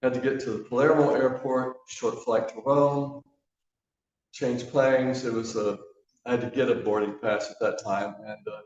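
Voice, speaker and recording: A man giving a sermon, easygoing and anecdotal, often pausing with little fillers. His mid-range voice sounds distant and dull, swallowed in strong church-hall echo. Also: mid-range voice. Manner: relaxed, conversational storytelling with fillers. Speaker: guest speaker. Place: church sanctuary.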